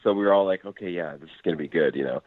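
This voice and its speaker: A low-voiced man tells a rambling story, full of fillers and restarts, acting out other people's lines. The sound is tinny and phone-like and completely dry, with no room around it. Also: racing, no echo. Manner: rambling, lots of fillers and restarts, acts out quotes. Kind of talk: casual storytelling.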